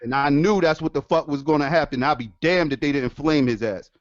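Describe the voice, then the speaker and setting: A man ranting on his stream in a casual, profane, animated way, laughing often. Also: on the high side, brisk, no echo. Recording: dull lo-fi dry sound.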